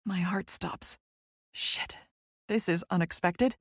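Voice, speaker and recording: A woman's voice: mid-range voice, normal speed, darkish tone, dry recording, studio quality. A woman narrating a first-person romance audiobook in a wry, conversational way.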